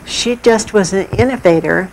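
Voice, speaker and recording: A woman guest explaining regional art history in a measured, thoughtful way with pauses. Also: medium pitch, vocal fry, darkish tone, a little hiss or hum, low-quality recording. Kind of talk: explaining in an interview.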